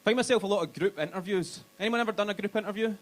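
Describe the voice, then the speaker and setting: A man's voice: sits high, rapid-fire. A young Glaswegian man doing stand-up in a comedy club, crude and self-mocking, working the crowd. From Scotland.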